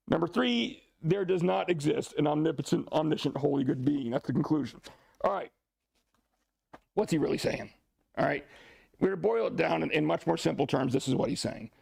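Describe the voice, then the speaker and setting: Gravelly lively man lecturing a class. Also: on the high side, no room sound. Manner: lively and joking, asides to the class. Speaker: teacher of a church class.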